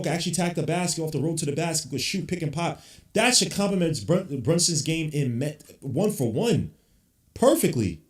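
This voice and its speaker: Talking a little fast with an expressive, medium-pitched, darkish voice, this man hosts a basketball podcast. He reacts to the game live in blunt, frustrated fan rants, cursing casually, and the room echoes.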